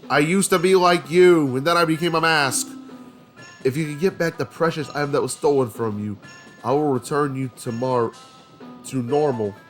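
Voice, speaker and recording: A man's voice: on the high side, normal speed, soft background music, lightly acted. A man voicing a creepy, overly polite male mask salesman from a video game. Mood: sly. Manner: formal, polite, unsettling.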